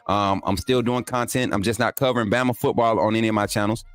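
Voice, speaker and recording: A man hosting a casual livestream, talking loosely with his viewers and jumping up in pitch when he gets excited. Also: fast, no room sound, faint music behind. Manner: laid-back, talks to chat as "man" and "y'all", pitch jumps up when excited. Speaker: livestream host. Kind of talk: casual livestream chat reading viewer comments.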